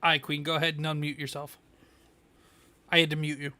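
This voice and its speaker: A man's voice: on the high side, fairly quick. Guy hosting a podcast, amped up, keeps interrupting, slight background hiss. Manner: energetic, interrupting, reads out viewer donations. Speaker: podcast host. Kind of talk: casual podcast chat.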